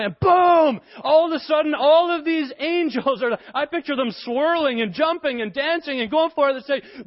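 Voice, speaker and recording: A young man preaching a sermon as a pastor, animated and conversational with playful asides. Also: very high-pitched, moderate pace, hardly any pauses, no room sound. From Canada. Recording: dry, dull lo-fi sound.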